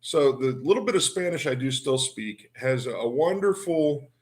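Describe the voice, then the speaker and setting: A man's voice: mid-range voice, animated, moderate pace. A man with a Pittsburgh accent, co-hosting and telling rambling stories with laughs. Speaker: co-host. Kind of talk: casual storytelling.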